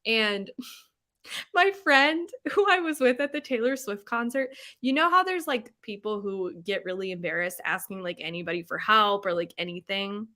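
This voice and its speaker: A young woman hosting a podcast, chatting in a bubbly, animated way and laughing often. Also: medium pitch, moderate pace. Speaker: podcast host. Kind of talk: casual chat.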